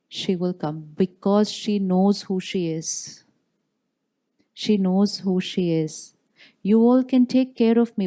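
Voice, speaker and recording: A woman giving a spiritual talk to an audience in a large hall, speaking in slow, calm affirmations with deliberate pauses. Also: mid-range voice. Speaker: spiritual teacher.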